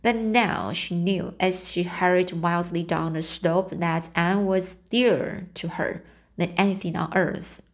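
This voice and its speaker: A woman reading a novel aloud as an audiobook, in a halting way with frequent restarts. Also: lowish voice, steady tone. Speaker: audiobook reader.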